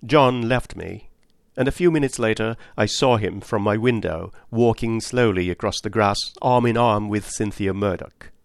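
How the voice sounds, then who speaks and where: A man reading a novel aloud in a measured storytelling manner. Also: fairly low pitch, vocal fry, dry recording, clean studio sound. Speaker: audiobook narrator. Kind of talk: scripted narration.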